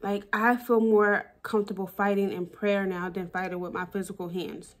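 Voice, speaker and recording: Talking to camera in a personal vlog, a woman speaks candidly about her relationship. Her medium-pitched voice has a level tone and normal speed, yet she is emotional and blunt, swearing and repeating herself for emphasis.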